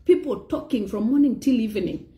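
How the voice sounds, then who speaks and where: Woman preacher; high, mellow voice; animated delivery with "praise God" asides. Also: fairly quick. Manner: animated preaching, mixing in Swahili phrases and frequent "praise God". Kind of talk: sermon.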